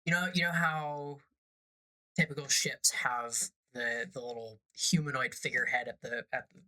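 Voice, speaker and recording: Podcast co-host, bright voice, throws in quick ideas from slightly off-mic. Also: medium pitch, steady tone. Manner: chimes in with quick suggestions. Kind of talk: casual brainstorming chat.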